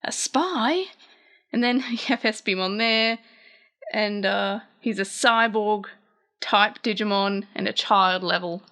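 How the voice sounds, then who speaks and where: A woman's voice: medium pitch, fairly even intonation, a little slow, sharp tone, clear, resonant tone. A young woman, chatting casually as a channel host while she translates a comic and thinks aloud.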